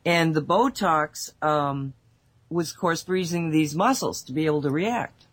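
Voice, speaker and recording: A woman co-hosting a casual spiritual talk show, telling stories in a rambling, animated way with many asides, speaking over an online call mic. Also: deep voice, a little slow, slightly rough. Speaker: radio show co-host.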